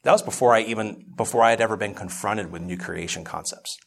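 A man's voice: lowish voice, fast talker, creaky. Man preaching, building to fervor. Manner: conversational storytelling that grows impassioned, with frequent restarts. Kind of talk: sermon-style Bible teaching.

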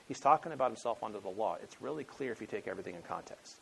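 A man's voice: medium pitch, fast talker, vocal fry, a little hiss or hum. A man teaching a sermon on scripture in a conversational storytelling manner, acting out the quotes. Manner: conversational storytelling, acts out quotes, frequent restarts. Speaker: preacher. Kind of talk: expository sermon.

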